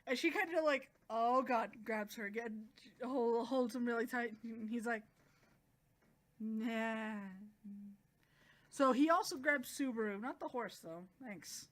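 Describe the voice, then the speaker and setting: A chatty, animated woman retelling a manga plot in a casual review. Her voice runs a little high, and she jumps in and out of the characters' lines. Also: normal speed, hardly any pauses. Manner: chatty, animated, acts out quotes.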